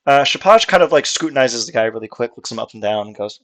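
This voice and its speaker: A man's voice: mid-range voice, expressive, fast, hardly any pauses, a bit bright. Man narrating as a game master. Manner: casual, chatty narration with fillers.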